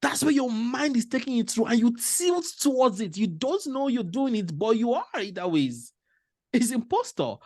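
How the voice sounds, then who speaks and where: A man, giving a motivational storytelling talk as a panel speaker, animated and laughing often as he acts out dialogue. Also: extremely high pitch, moderate pace, no echo, clean studio sound.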